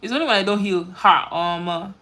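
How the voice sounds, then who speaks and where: A woman's voice: mid-range voice, a little fast, sharp tone. A woman, chatting animatedly while doing her makeup on a livestream, full of quoted voices and laughter. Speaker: beauty livestream host.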